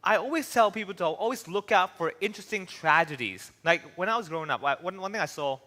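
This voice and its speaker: A man from Hong Kong, a comedian giving an animated stand-up style talk on stage with a handheld mic, acting out little voices as he tells stories. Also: high-pitched, fast talker. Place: large hall with an audience. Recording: long hall reverb.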